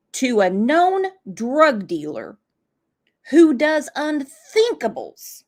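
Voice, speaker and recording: A woman hosting a true crime livestream, angry and blunt, swearing freely as she comments. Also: high-pitched. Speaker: true crime channel host.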